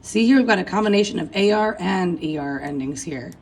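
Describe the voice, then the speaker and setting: A woman's voice: on the low side, expressive, fairly quick, a little mellow, breathy edge, low-quality recording. A woman teaching a recorded class lesson, chanting verb endings aloud and addressing her students as folks. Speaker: Spanish teacher.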